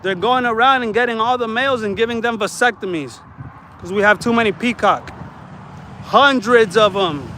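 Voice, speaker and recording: High-pitched guy ranting and cussing while walking around outside, sweaty, bit of traffic behind. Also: moderate pace, bright, forceful tone, low-quality recording. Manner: chatty, profane, ranting. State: sweating in the heat. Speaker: vlogger. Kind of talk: casual walking vlog. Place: outdoors on neighborhood streets.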